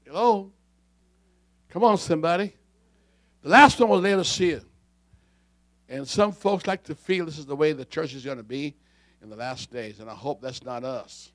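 A man preaching a fiery sermon, dropping to quiet asides and rising to shouts. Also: a little high, normal speed, long pauses, no echo.

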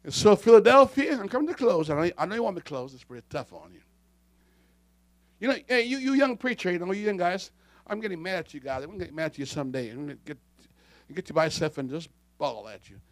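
A man preaching a fiery sermon, dropping to quiet asides and rising to shouts. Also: high voice, animated, fast talker, dry recording.

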